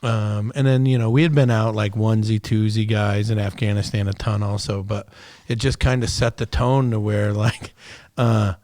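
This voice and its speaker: A man's voice: on the low side, level tone, moderate pace, a little mellow, no room sound. A middle-aged man from the United States, a podcast guest telling war stories in a casual, profane, rambling way with many fillers. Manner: profane, laid-back storytelling with lots of fillers. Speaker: podcast guest, retired special operations soldier. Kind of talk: casual storytelling interview.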